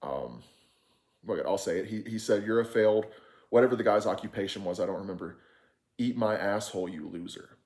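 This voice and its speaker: A vlogger with a lowish, slightly mellow voice talks a little fast as he recounts a frustrating experience. He's candid and casual, rambling with lots of fillers, swearing freely and restarting sentences often.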